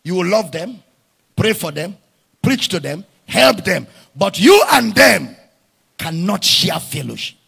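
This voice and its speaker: A man preaching a sermon with a very raspy, gravelly voice, often breaking into shouts. His pitch sits high and swings widely from phrase to phrase. He draws words out slowly for emphasis, and his tone is bright and forceful. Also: expressive. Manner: impassioned preaching with frequent shouted lines. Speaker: pastor.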